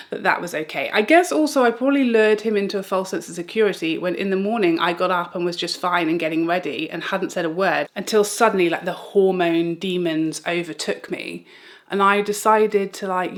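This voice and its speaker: A woman in her thirties telling a funny personal story while getting ready, chatty and self-mocking. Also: mid-range voice. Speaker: beauty vlogger. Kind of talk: storytelling while doing makeup.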